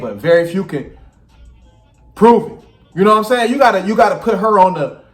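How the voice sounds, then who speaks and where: A man, hosting a reaction video and giving blunt, profane, animated commentary. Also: high voice. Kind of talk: casual commentary. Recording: echoey room with faint music.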